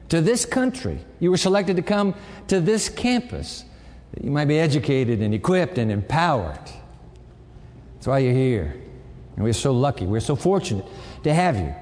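A man preaching in a large hall, his voice sitting a little high and moving all over the place, rising and falling. Long reverb trails behind his words as he swings between bursts and quiet asides. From raised partly in Japan. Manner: lively, conversational preaching with sudden swings from loud to quiet. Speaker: campus pastor. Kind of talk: sermon.

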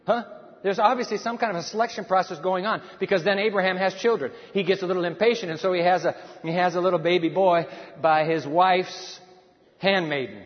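High-voiced preacher in a reverberant hall. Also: male voice, a little fast. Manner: emphatic, rhetorical questions to the congregation. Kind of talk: sermon. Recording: dull sound in a reverberant hall.

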